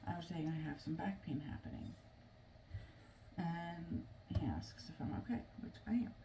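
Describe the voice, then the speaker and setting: A woman with a lowish voice tells a personal story, casual and halting, with plenty of fillers and restarts. She sits a little back from the microphone. A clear layer of noise runs under her speech. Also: animated, mellow. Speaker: family vlogger. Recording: noisy room, mic at a distance.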